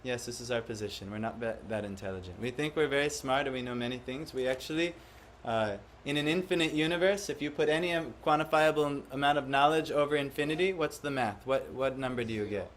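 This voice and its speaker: A spiritual teacher holds a devotional class in a room with a live audience, questioning them and dramatizing quoted voices. His medium-pitched voice runs at a quick pace with hardly any pauses, over slight background noise.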